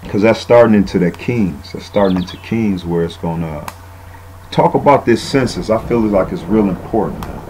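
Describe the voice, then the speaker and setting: A man's voice: on the low side, moderate pace, a little mellow, a little hiss or hum, low-quality recording. A man giving a casual, rambling bible teaching, often saying "man" and using fillers.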